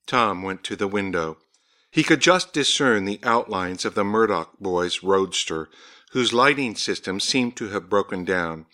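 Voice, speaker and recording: A man reading a story aloud, raising his voice higher when the characters speak. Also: lively intonation, measured pace, pushed and bright. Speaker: narrator.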